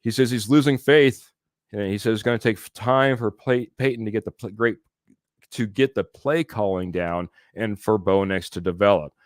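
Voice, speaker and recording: A man's voice: lowish voice, normal speed, dry recording, studio quality. A man hosting a live sports podcast, chatting casually, reading viewer comments aloud and laughing often. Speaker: podcast host.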